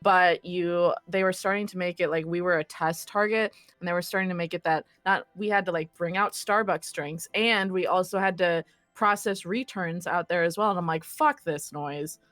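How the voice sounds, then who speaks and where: A young woman running a tabletop role-play as game master, narrating in a quick, chatty way and laughing often. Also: fairly low pitch, steady tone, fairly bright tone, no echo, faint music behind.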